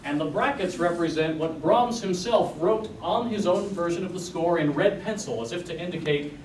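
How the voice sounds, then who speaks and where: A man's voice: sits high, normal speed, darkish tone. A man giving a lecture recital, explaining music to an audience and counting beats aloud. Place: recital hall. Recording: echoey hall from far off, noisy.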